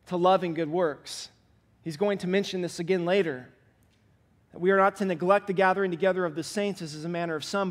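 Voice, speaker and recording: A man preaching a sermon as pastor, earnest and emphatic, repeating key points to press them home. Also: sits high.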